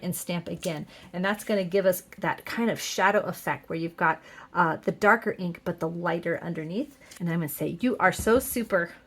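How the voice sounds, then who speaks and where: A middle-aged woman chatting her way through a card-making tutorial, upbeat and full of fillers and quick self-corrections. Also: on the low side. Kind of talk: casual crafting tutorial.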